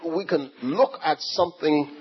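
A man preaching a sermon, retelling a scripture story in a slow, animated way and repeating words as he goes. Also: a little high, slightly rough. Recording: dull lo-fi recording with faint ambience.

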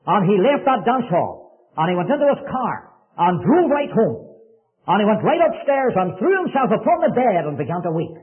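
A man's voice: high voice, very animated, normal speed. A male preacher telling a story in a sermon, fervent and urgent, repeating his phrases for emphasis. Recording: tinny phone-like recording.

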